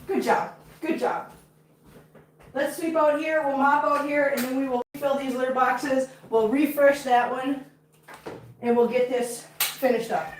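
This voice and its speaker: A woman's voice: high-pitched, steady tone, measured pace, a little hiss or hum. A woman with a lingering cough from a cold, chatting casually while she cleans up after her cats and baby-talking to them. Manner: baby talk to cats, giggly. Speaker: cat vlogger. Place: home with cats. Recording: echoey room, voice from a distance.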